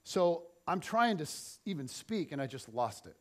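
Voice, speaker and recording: Middle-aged guy preaching at church, kinda high voice, goes loud then real quiet. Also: normal speed. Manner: animated, swings between loud and soft. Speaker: pastor. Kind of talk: sermon with personal storytelling.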